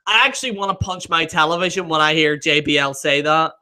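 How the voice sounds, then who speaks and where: Excitable young-sounding male streamer. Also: a little high, fairly quick. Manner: excitable, laughs often, swears freely; mispronounces names, trails off mid-sentence. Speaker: live-stream host. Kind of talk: casual live-stream chat, reading viewer comments.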